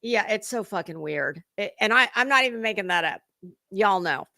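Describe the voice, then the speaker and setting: A woman hosts a commentary reaction livestream, mocking a clip with sarcastic, profane jabs and greeting her chat. Her mid-range voice has lively intonation, a sharp tone and a moderate pace, captured in a dry, clean studio recording.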